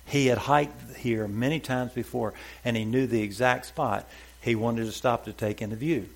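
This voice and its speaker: Male pastor, emphatic sermon delivery, punchy repeated lines, mid-pitched voice. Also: steady tone, moderate pace, gravelly. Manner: emphatic, repeats short exhortations. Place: church before a congregation.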